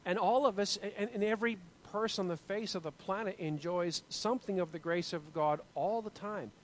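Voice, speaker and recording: A man's voice: sits high, fairly quick, slight background noise, poor audio. A man leading a group Bible study discussion, talking in an earnest, musing way with many restarts.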